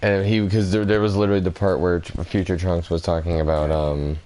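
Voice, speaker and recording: Young guy w a low voice chatting about games, swears a bunch, noisy background. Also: flat delivery, a little fast, dark tone. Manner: laughs a lot, swears casually. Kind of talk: casual chat about games and anime. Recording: background noise.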